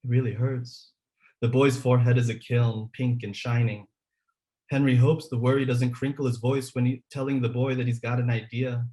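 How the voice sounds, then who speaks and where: Male author, festival reading; monotone, unhurried, steady delivery. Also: medium pitch. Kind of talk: reading prose aloud at a literary festival.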